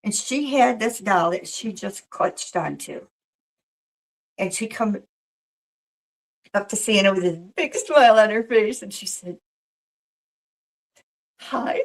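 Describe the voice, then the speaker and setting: A woman's voice: mid-range voice, a little slow, long pauses, poor audio. A woman working as a professional Mrs. Claus tells a story in a casual interview, slipping into the voices of the people she describes. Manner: animated storyteller who acts out quoted voices.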